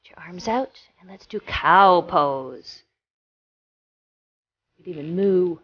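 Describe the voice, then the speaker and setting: A woman instructor gently guiding children through a yoga class with encouraging, sing-song cues. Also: mid-range voice, very animated, slow pace, highs cut off.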